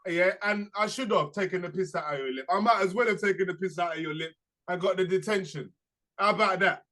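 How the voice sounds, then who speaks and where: A young man, co-hosting a podcast and telling a school story in a casual, slangy, animated way. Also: high voice, quick pace. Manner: animated, acts out quoted voices, slangy. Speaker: podcast co-host.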